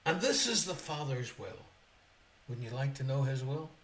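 A man preaching on his own podcast, reading verses aloud and driving each point home with sharp rises and drops. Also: mid-range voice, expressive. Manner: slow, emphatic, rises and drops sharply for emphasis. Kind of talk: podcast sermon.

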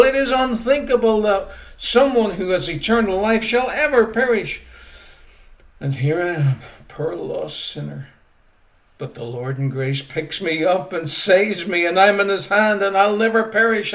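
High-pitched guy preaching hard, repeats stuff, goes loud then quiet. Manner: emphatic, repeats key phrases, rises and drops sharply. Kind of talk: sermon.

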